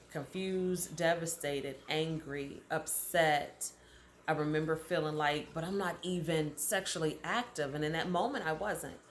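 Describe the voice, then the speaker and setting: A woman's voice: sits low, slight background noise. A woman coaching her audience, telling a candid personal story in a conversational way with emphatic repetition. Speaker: life coach.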